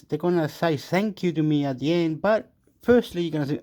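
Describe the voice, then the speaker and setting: A man's voice: fairly high pitch, animated, normal speed, warm tone. A man talks straight to his own camera, drifting from thought to thought. He restarts sentences often and trails off mid-idea in a loose, unscripted monologue. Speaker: channel host. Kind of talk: rambling casual monologue.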